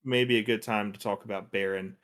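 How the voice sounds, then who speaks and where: A man co-hosting a casual gaming podcast, talking in a relaxed, thoughtful way with many fillers. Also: fairly low pitch, a little fast. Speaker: podcast co-host.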